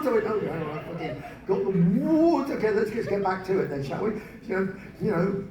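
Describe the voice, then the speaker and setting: Animated and brisk, a man with a high, darkish voice tells self-deprecating stories on stage and occasionally sings as a spoken word performer. It's a large live venue, and the lo-fi recording is echoey, distant-miked and noisy.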